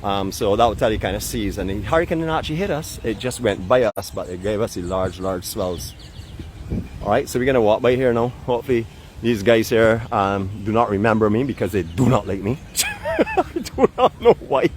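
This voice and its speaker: This is a middle-aged man from Barbados speaking with a Barbadian accent and a somewhat low voice. He narrates a live stroll outdoors in a chatty, teasing way, mixing guide tips with mock boasts. Faint street and traffic noise sits behind him. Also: brisk. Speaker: vlog host and walking guide. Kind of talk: live walking tour narration. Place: outdoors by a seaside port in a town.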